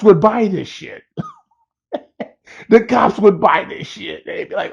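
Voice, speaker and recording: A man's voice: high voice, slow, creaky, husky, highs cut off. A man telling a story in a loose, rambling, profane way, chuckling as he goes. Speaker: storyteller vlogger.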